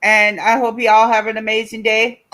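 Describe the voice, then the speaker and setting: A woman's voice: a little high, little pitch movement, moderate pace, bright, forceful tone. A woman co-hosting a casual livestream, thanking viewers and wrapping up the show. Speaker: co-host.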